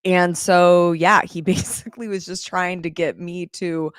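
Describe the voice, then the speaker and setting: A woman's voice: lowish voice, level tone, measured pace, clean tone, dry recording, clean studio sound. A woman hosting a casual livestream, chatting candidly with viewers and laughing often as she talks. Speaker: livestream host.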